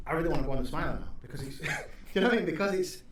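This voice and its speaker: A man, a stand-up comedian chatting as a podcast guest, rambling and sweary, quick to laugh. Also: a little high, animated. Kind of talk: casual podcast chat. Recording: roomy echo, faint background hum.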